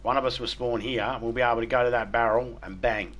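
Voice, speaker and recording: An Australian man streams a game and chats casually, swearing freely as he spins crude stories. His voice is bright and forceful, sitting at an ordinary pitch for a man. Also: steady tone, fast talker. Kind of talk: casual chat while gaming.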